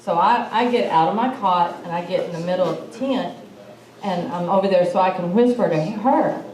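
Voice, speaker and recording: A woman's voice: on the low side, moderate pace. Woman telling a campfire story. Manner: animated storyteller, acts out quoted lines. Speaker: symposium speaker. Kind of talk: telling a personal encounter story. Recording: echoey hall, mic far off.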